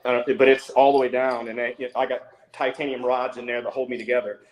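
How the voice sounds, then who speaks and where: A middle-aged man tells a story on a podcast, dropping curses and switching to a raised voice whenever he quotes someone. His voice sits at a medium pitch. The sound carries a roomy echo. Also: a little fast. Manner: animated, swears freely, acts out quotes in a higher voice. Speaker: podcast guest. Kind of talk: casual storytelling.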